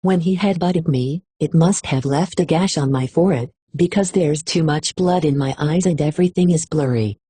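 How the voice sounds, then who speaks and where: An audiobook reader narrates a first-person novel in an emotional, expressive storytelling style. Her voice is low, warm and husky, moving at a normal speed with few pauses, and the recording has no room sound.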